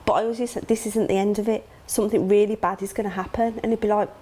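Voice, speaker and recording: A woman's voice: mid-range voice, little pitch movement, rapid-fire, mellow, slightly rough. A middle-aged woman, a grieving mother, talking candidly and emotionally in an interview, acting out remembered dialogue with sudden gasps.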